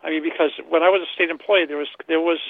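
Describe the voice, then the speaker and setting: A man calls in over a tinny, phone-like line, his voice gravelly with plenty of fry and sitting a little high for a man. He rambles, circling back and repeating words as he hunts for what to say next. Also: fairly even intonation, very fast, dry recording. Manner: rambling, repeats words while searching for them. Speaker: caller. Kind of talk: call-in talk radio.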